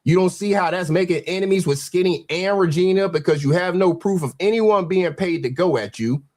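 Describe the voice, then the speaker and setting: A man hosts a reaction show and calmly explains what he told a fellow creator. His voice sits a little high, and he speaks in a matter-of-fact, conversational way. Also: a little fast. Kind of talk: casual commentary.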